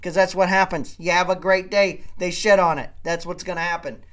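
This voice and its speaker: A man hosting a podcast, ranting comedically with profanity and loud swings in volume. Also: high-pitched, steady tone, a little fast. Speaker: podcast host. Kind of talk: comedic rant.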